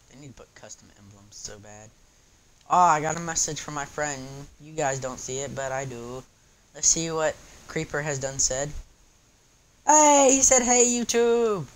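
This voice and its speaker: A gaming channel host giving live gameplay commentary, excitable and chatty with viewers, yelping and shouting when something happens in the match. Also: medium pitch, a little hiss or hum. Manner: excitable, yelps and shouts at game moments; chatty, talks to viewers between rounds.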